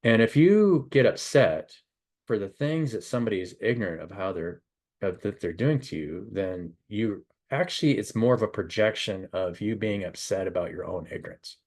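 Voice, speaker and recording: A middle-aged man, a spiritual advisor, telling a rambling, animated story and giving casual advice. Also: lowish voice, moderate pace.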